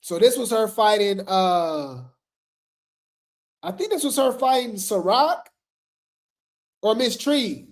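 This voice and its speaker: A woman's voice: a little high, expressive, slow pace, pauses often. A woman hosting a casual gossip commentary show, chatty and slangy, laughing often as she talks.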